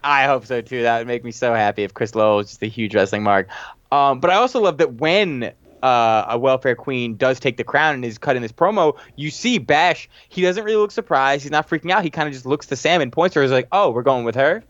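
A man's voice: medium pitch, lively intonation, brisk, fairly bright tone, dry recording, lo-fi sound. A man recapping a TV episode in casual, enthusiastic chat as a podcast co-host, rambling with restarts.

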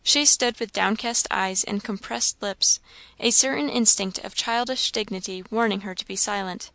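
A woman reading a novel aloud in a steady, measured narration. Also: mid-range voice, no echo. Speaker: audiobook reader.

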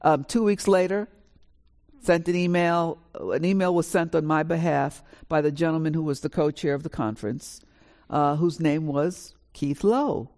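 A woman in her sixties from New York, an author telling her family story on a live panel in a lively, animated way. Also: low-pitched, moderate pace. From New York, USA. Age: 60s. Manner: lively, animated storyteller who acts out dialogue. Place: college auditorium with a live audience.

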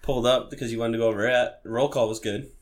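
Man podcast co-host, mid-pitched and deadpan, answers in short dry lines. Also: fast. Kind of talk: casual movie-review chat.

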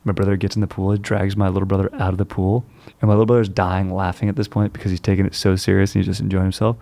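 A man's voice: deep voice, level tone, fast talker, creaky, mellow, dry recording. A young man chatting casually and profanely, calling everyone "dude" as he rambles through stories. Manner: laid-back, profane, says "dude" constantly. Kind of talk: casual chat.

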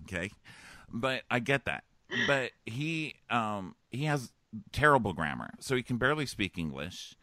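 Bright campy man hosting a podcast. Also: mid-range voice, sing-song, unhurried, dry recording, studio quality. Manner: campy, joking, laughs often. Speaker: podcast host. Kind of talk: casual comedic chat. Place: hotel room. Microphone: remote connection.

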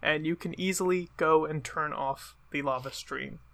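A man running a tabletop game, describing the scene in a measured way. His voice is bright and somewhat high. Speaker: game master.

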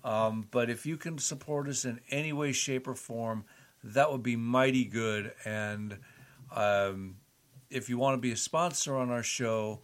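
A man's voice: mid-range voice, measured pace. A man co-hosting a podcast, chatting casually with folksy, joking asides and ad-libbing a plug for the show. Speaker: podcast co-host. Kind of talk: casual chat, ad-lib plug.

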